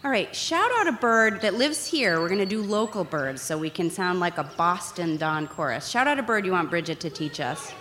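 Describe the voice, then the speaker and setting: Lively woman hosting a live show. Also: fairly low pitch, moderate pace, few pauses. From Vermont. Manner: lively, playful, leads audience. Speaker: host. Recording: hall reverb, faint noise.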